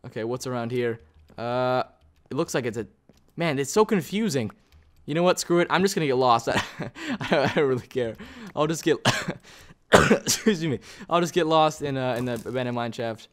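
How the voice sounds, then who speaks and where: A gaming YouTuber talking to himself in excitable, rambling let's-play commentary as he plays. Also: medium pitch, moderate pace. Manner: excitable, rambling self-talk while playing.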